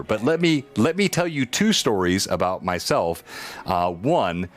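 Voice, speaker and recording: Chatty game master man, low voice. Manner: chatty, self-deprecating word talk. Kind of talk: running a tabletop game, casual chat.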